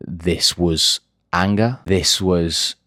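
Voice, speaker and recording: A man's voice: sits low, drawn-out words, pushed and bright, dry recording, studio quality. A young man speaking as a dating coach, telling his own story straight to the camera in a blunt way, swearing freely. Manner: blunt, swears freely, addresses viewers directly. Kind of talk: candid talking-head monologue.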